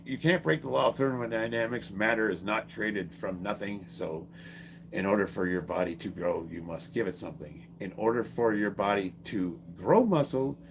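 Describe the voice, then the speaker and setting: A man's voice: lowish voice, a little hiss or hum. A middle-aged man, a strength athlete, chatting to viewers on a casual livestream and telling profane, joking stories. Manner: profane, joking, animated storyteller. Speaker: strength athlete and fitness streamer. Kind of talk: casual livestream chat and storytelling.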